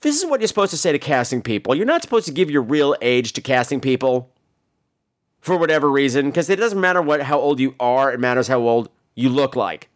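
Male podcast host, lively, swinging delivery; casual, profane storyteller who acts out the people in his stories. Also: mid-range voice, a little fast.

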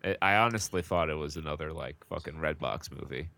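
A man's voice: extremely low pitch, brisk, creaky, sharp tone. A man co-hosting a podcast in casual chat, with dry sarcastic humor. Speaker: podcast co-host.

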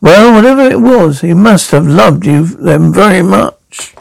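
A man's voice: sits high, unhurried, gravelly, no room sound, exaggerated voice, poor audio. An actor playing a blunt male police detective in a TV crime drama, pressing a suspect with terse questions. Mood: probing.

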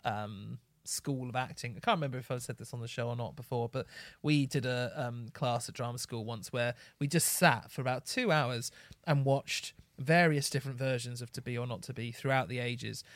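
A man's voice: mid-range voice, normal speed, dry recording. Reflective man, dry close sound. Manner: reflective, explains with asides and fillers. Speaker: podcast co-host. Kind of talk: casual chat.

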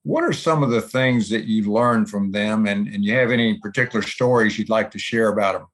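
Low-voiced man asking interview questions. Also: fairly quick. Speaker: interviewer, host.

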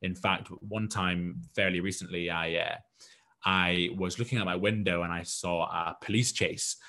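Low-voiced man telling his story. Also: fairly even intonation, moderate pace, sharp tone. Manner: self-deprecating, rambling with restarts. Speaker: guest entrepreneur. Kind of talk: casual storytelling in an interview.

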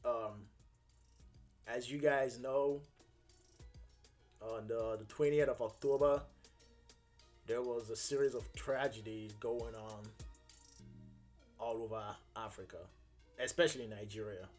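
Young male podcast host, mid-pitched, speaks earnestly with frequent pauses and restarts over faint background music. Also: fairly even intonation, darkish tone. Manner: earnest, halting, many fillers and restarts. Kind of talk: casual solo podcast monologue.

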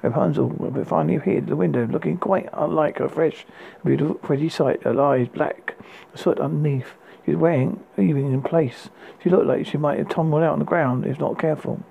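A man's voice: fairly high pitch, creaky, dark tone, slightly rough, muffled recording. A man reading a fairy tale excerpt aloud, stumbling and restarting now and then. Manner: halting read with restarts. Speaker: audiobook narrator.

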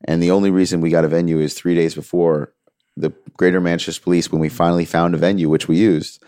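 A man's voice: deep voice, little pitch movement, fast talker, mellow, smooth, no room sound, studio quality. A man in a candid interview, telling a story earnestly and acting out quoted dialogue. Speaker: music manager, interview guest.

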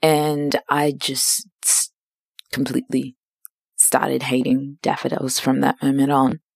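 Young woman podcast host, deep and dry, slow and chatty, a bit dramatic. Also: level tone, gravelly, slightly rough, no echo. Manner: chatty, self-dramatizing storyteller. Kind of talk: casual personal monologue.

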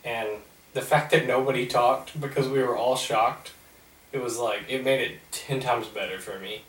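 A young man on a podcast, retelling a story in a rambling, animated way. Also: mid-range voice, normal speed. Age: young adult. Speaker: podcast host. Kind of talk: casual storytelling. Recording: roomy, mic at a distance.

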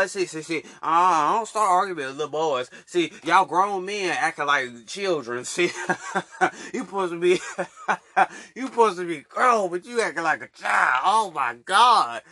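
A man rants to his viewers, mocking them and breaking into laughter, repeating lines. His voice is high and bright, and it swings widely in pitch. The sound is dry and close on a desk mic. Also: animated, normal speed, no room sound. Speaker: vlogger. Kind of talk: casual rant to viewers.

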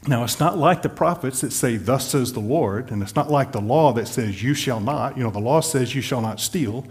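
Man, pastor, middle-aged, conversational sermon, explanatory, mid pitch. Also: moderate pace, a little mellow. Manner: conversational, explanatory, with light laughs and restarts.

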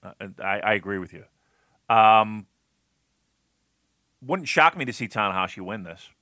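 A man co-hosting a podcast argues his opinions emphatically, restarting sentences and filling pauses. His voice is bright and forceful, and it is recorded dry and close with no room sound. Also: fairly low pitch, no echo. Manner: animated, emphatic, many repeated starts and fillers. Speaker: podcast co-host. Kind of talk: casual opinionated discussion.

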